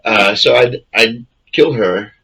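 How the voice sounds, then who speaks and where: Husky man, blunt profane rants. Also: mid-range voice, slow pace, bright, forceful tone, rough recording. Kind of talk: casual comedic chat.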